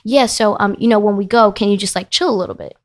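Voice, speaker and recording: A woman's voice: medium pitch, fast, lightly acted. Woman playing a nonchalant husband, hesitant and vague. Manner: hesitant, mumbling filler words.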